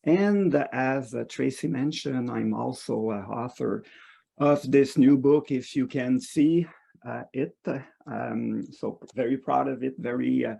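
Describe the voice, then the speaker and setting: A man opening an online meetup as facilitator, halting with many fillers over a video call. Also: mid-range voice, gravelly, mellow, breathy edge.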